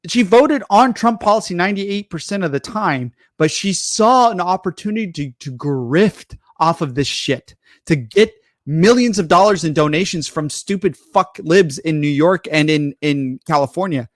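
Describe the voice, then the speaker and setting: A man's voice: high-pitched, lively intonation, normal speed, no room sound, clean studio sound. A man co-hosting a podcast, ranting casually with heavy profanity and scorn. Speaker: podcast co-host. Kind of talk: casual political rant.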